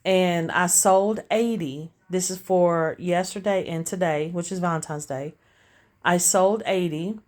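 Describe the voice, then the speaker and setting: A woman's voice: lowish voice, a little slow, a little mellow. Chatty Southern woman from Tennessee. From Tennessee, USA. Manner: chatty, storytelling, addresses viewers as y'all. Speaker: vlogger selling gift baskets. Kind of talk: casual chat to camera. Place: outdoors at a street sales stand, later at home. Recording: noisy outdoor street with traffic. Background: car traffic.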